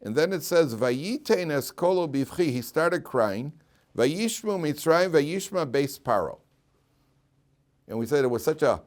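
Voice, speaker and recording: A rabbi with a mid-range voice teaches a lively Torah class, telling stories animatedly and acting out quoted lines. He often restarts his sentences and laughs along the way.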